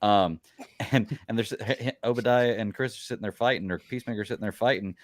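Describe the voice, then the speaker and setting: A man's voice: on the low side, a little fast, dry recording. A man co-hosting a podcast in casual chat, rambling and restarting his sentences. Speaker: podcast co-host.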